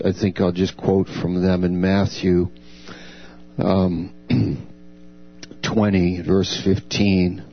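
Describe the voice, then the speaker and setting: A man's voice: creaky, husky. A man preaching a sermon earnestly, voicing God's words with a lifted voice. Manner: earnest, dramatizes God's words with raised pitch. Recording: dull lo-fi recording with mains hum.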